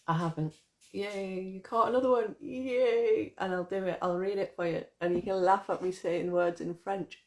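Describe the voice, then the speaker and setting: A woman poet with a low, darkish voice chats casually to her viewers live, rambling and swearing, before reading one of her own poems aloud.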